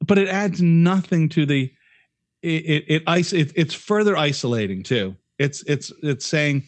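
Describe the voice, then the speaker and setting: A man's voice: fairly high pitch, animated, moderate pace, no echo. A man co-hosting a casual podcast chat, talking bluntly with plenty of swearing and stammered restarts. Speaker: podcast co-host.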